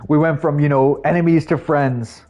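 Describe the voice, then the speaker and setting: A man's voice: steady tone, measured pace, warm tone, muffled recording. Rambling self-mocking young male streamer. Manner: rambling, self-mocking, laughs often, jumps pitch for quoted voices. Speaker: live streamer. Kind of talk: casual chat with stream viewers.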